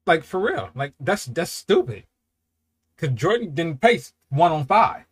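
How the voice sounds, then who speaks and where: A man hosting a music reaction, talking casually and excitably, swearing often and swinging from low muttering to loud outbursts. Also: unhurried, slightly rough.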